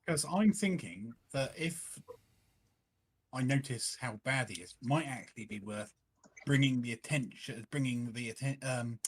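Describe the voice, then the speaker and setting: A man's voice: mid-range voice, unhurried, husky. Man thinking aloud as a game player. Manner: thinks aloud with many fillers. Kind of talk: casual tabletop game play.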